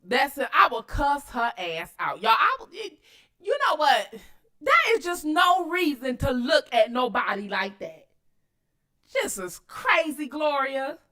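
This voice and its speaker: A woman hosting her own channel, giving loud, cussing commentary on video clips and talking straight to her viewers. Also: high-pitched, measured pace. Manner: animated, cussing, addresses viewers directly. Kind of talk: casual commentary while watching clips.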